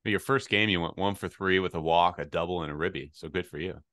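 Low-voiced man with dry, teasing humor. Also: quick pace, a bit bright, no room sound. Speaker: podcast co-host. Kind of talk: casual chat.

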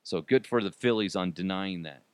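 A man's voice: low voice, normal speed, clean tone, no room sound. Man, comedic podcast host; mock outrage, silly voices, dry close mic.

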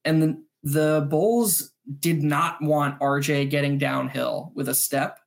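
A man co-hosting a postgame sports podcast, breaking down plays in quick, animated analysis with some restarts. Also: on the high side, vocal fry. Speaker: podcast co-host.

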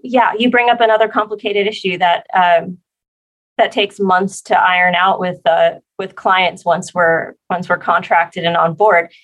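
A woman guest on a podcast interview, explaining her work as a facility planner in a measured way. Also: fairly low pitch, steady tone, fairly bright tone, low-quality recording.

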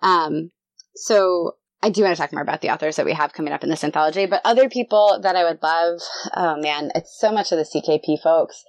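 A woman guest on a podcast talks in a bubbly, animated way. Her voice sits low. The sound is dry and close. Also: fairly quick, no room sound. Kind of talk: casual podcast chat.

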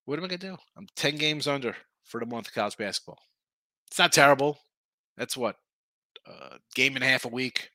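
A man's voice: mid-range voice, animated, a little fast, sharp tone, no room sound. A man hosting a sports betting show, rambling in casual talk and often repeating himself.

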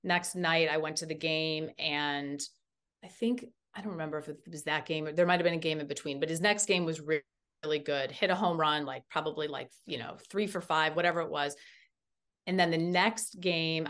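On a podcast, a guest in her thirties recounts a story at a normal speed in a low-pitched voice. The telling is relaxed and spirited, crowded with "like."

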